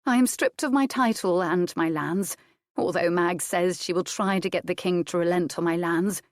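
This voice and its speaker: A woman's voice: lowish voice, normal speed, dry recording, natural voice. A woman reading the part of a proud, composed young noblewoman in an audiobook. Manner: dry, composed.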